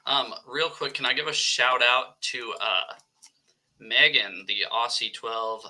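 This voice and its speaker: A man's voice: medium pitch, fairly even intonation, slow pace, bright, forceful tone, slight background noise. A man co-hosting a casual football livestream who talks bluntly, swears often and laughs through his points. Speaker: co-host, Seahawks fan. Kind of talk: casual sports debate.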